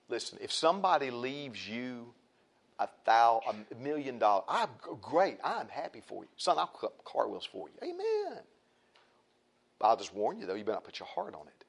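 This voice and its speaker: A man's voice: mid-range voice, vocal fry. A man preaching a sermon, emphatic and repetitive, with folksy asides to the congregation.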